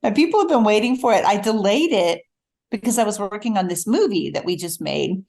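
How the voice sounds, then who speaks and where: A middle-aged woman, an author, telling a personal story in a relaxed conversation, acting out the voices she quotes. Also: medium pitch, a little fast, creaky. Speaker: author guest. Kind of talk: storytelling in casual chat.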